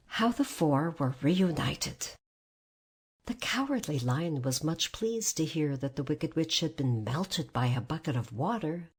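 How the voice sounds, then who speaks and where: A woman narrating a storybook aloud in an expressive read-aloud manner. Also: deep voice, breathy edge.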